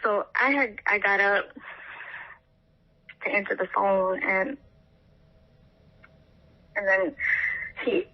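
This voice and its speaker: A young woman tells her story haltingly, with fillers and restarts. Her voice sits mid-pitch. The recording is a bit dull and lo-fi. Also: lively intonation. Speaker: interviewee, partner of the missing man. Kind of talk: emotional personal account.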